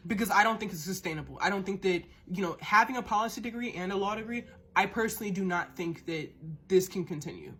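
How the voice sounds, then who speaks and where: A woman hosts a podcast alone and delivers a heated, profane rant, circling back on her words as her passion builds. Her voice is husky and a little breathy and sits at a middling pitch. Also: quick pace, few pauses, fairly bright tone. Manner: repeats and restarts words when worked up. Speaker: podcast host. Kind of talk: impassioned podcast monologue.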